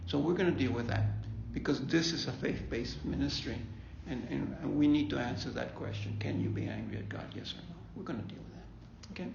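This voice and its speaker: A man's voice: medium pitch, a little fast, creaky, hardly any pauses, background noise. A man leading a faith-based bereavement talk, conversational, often repeating himself and checking in with "okay?". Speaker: grief ministry leader. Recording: echoey room, dull lo-fi sound.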